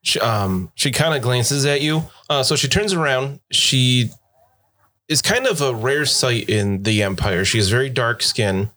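A man's voice: mid-range voice, unhurried, pushed and bright. A man narrating a tabletop game as game master in an easygoing, chatty way.

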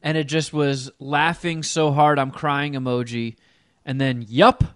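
A man co-hosting a casual podcast, teasing and joking in a wry, deadpan way. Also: medium pitch, a little slow, clear, resonant tone, dry recording, studio quality. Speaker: podcast co-host. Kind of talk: casual chat.

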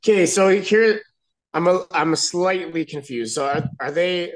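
A man's voice: high voice, measured pace, poor audio. A man guest on a podcast, chatting casually in a hesitant, slangy way. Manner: hesitant, slangy, says bro. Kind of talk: casual chat.

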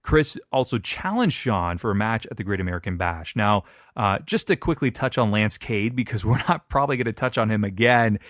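A man co-hosting a podcast, recapping a wrestling feud in casual chat, telling the story with quick asides and frequent laughs. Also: lowish voice, lively intonation, a bit bright, no echo, studio quality. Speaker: podcast co-host.

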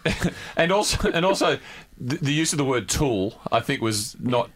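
A man's voice: mid-range voice, animated, normal speed. A man co-hosting a casual sports chat and making dry, witty asides. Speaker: co-host.

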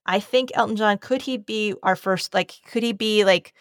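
A woman's voice: medium pitch, moderate pace, no room sound, studio quality. A woman co-hosting a podcast in casual chat, effusive and rambling, with some swearing. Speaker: podcast co-host.

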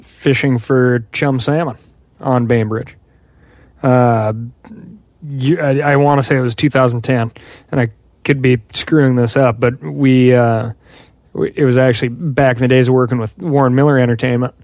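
A man's voice: medium pitch, fairly even intonation, moderate pace, a little mellow, dry recording. Male co-host, meandering storyteller, dry close mic. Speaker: podcast co-host. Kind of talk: casual conversational podcast.

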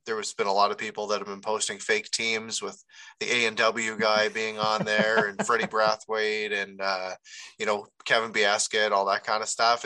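A man's voice: lowish voice, pushed and bright, poor audio. A man co-hosting a casual sports chat in an easygoing, joking manner. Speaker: podcast co-host.

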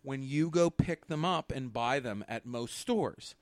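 A man co-hosting a casual chat, telling stories in an animated, joking way. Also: mid-range voice, measured pace, dry recording. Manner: animated, jokey storyteller. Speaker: podcast co-host.

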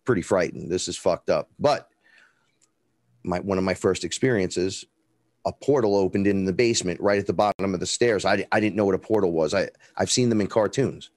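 A man's voice: low voice, fairly quick, darkish tone, dry recording. A man with a Bronx accent, a guest in an interview, telling a rambling story bluntly and with swearing, acting out what people said. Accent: New York (Bronx). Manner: rambling, blunt and profane, acts out dialogue.

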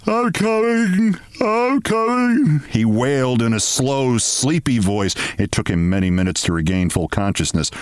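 A man's voice: steady tone, moderate pace, few pauses, dry recording. Middle-aged man reading a story aloud. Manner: vivid storyteller, swings his pitch for shouted quotes. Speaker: podcast host. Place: broadcast studio.

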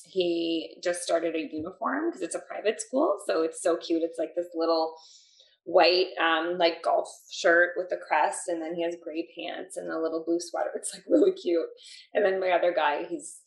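A woman podcast host chatting in a friendly, gushing way, laughing often. Her voice sits lowish with a gravelly fry. The recording is echoey, as if in a bare room. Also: steady tone, normal speed. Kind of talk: casual chat.

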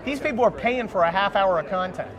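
A man co-hosting a podcast at a live event, joking loudly and calling out to people walking by. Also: high-pitched, animated, quick pace. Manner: joking, loud, calls out to passersby. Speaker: podcast co-host. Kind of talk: casual chat at a live event. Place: busy conference floor. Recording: noisy crowded convention floor. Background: crowd chatter.

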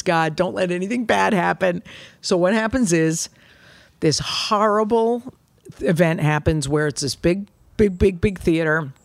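A middle-aged woman comedian chatting casually, telling stories in a brash, animated way and swearing freely. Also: fairly low pitch, no room sound. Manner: brash, animated storytelling with profanity. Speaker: comedian guest. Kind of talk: casual chat.

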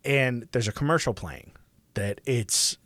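A young man rants his way through a story in loose, casual chat, swearing freely and stringing it together with fillers. His voice sits at a middling pitch, recorded close and dry with no room sound. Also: measured pace, no echo. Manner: profane, animated ranting with many fillers.

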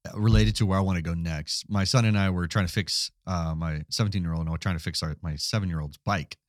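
A man's voice: low voice, fast talker, no room sound, clean studio sound. A man in his forties, co-hosting a podcast, telling stories and explaining ideas with laughs between them. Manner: animated storytelling with laughs. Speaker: podcast co-host. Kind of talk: casual theological discussion.

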